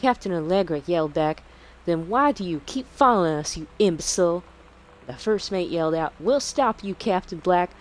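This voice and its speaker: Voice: medium pitch, lively intonation, moderate pace, pitched above the performer's own voice, natural voice, rough recording. A streamer reading a child's adventure story in a put-on Southern belle accent, with a lilting storybook delivery. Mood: storytelling. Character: young girl's story told in a Southern belle voice.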